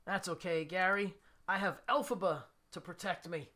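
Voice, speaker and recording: A man's voice: high voice, fairly even intonation, moderate pace, hardly any pauses, pushed and bright. A man hosting his weekly live guitar stream, chatting casually with viewers, laughing at himself and reading out their comments. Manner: chatty, self-deprecating, laughs often, reads viewer comments aloud. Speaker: livestream host and guitarist.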